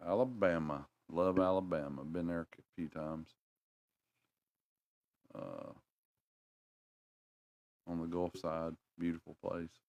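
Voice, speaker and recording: A man's voice: sits low, slow pace, long pauses, a little mellow, no echo. A middle-aged man with a North Carolina Southern accent, chatting casually on a livestream in a rambling, folksy way and talking to his viewers. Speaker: livestream host.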